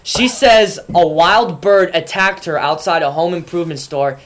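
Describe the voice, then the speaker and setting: High-voiced joking male co-host. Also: normal speed. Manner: animated, joking storyteller. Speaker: podcast co-host. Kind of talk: casual storytelling chat.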